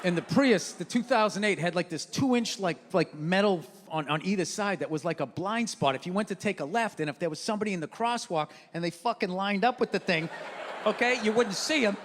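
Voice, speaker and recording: A man's voice: high-pitched, brisk, a bit bright, big-room sound. A man doing a stand-up comedy set, telling profane stories in a brash, ranting way. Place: comedy stage before an audience.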